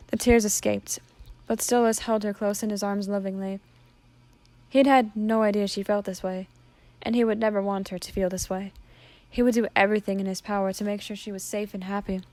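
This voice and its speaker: Woman, fan story narration, earnest, even, dry close sound. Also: medium pitch, fairly quick, dry recording.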